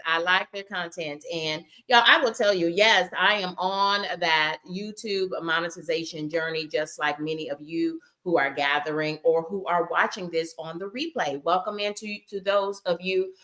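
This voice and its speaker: A woman's voice: on the low side, moderate pace, bright, forceful tone. A woman hosting a live stream, chatting casually and addressing viewers directly as y'all.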